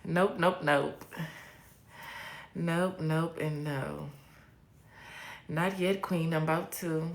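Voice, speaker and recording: A young woman live streamer chats slowly and bluntly, all sass and swearing. Her voice carries a gravelly fry, and the room around her rings with echo. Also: deep voice, steady tone. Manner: blunt, profane and sassy, drawn-out repeats. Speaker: livestream host. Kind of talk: casual live-stream chat, reading viewer comments. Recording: roomy echo.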